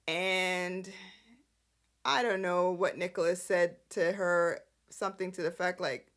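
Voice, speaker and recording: A woman's voice: on the low side, unhurried, a bit bright. A woman hosting a casual recap show, chatty, sassy and exasperated. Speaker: host.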